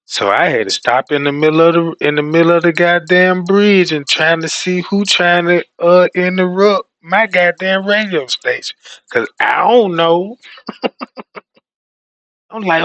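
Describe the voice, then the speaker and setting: A man streaming who tells comedic stories in an animated, profane way and laughs often. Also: high-pitched, measured pace, no echo. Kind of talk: comedic storytelling rant.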